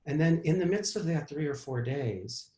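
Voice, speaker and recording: A man's voice: a little high, lively intonation, normal speed, mellow, reverberant. Candid man telling a personal story. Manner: candid and reflective, with fillers and restarts. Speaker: host of a therapy talk. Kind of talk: personal story told to an audience.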